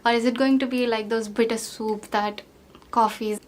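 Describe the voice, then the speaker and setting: A woman's voice: a little high, steady tone, moderate pace. Chatty young woman, rambling makeup talk. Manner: rambling, filler-heavy, self-deprecating. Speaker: beauty vlogger.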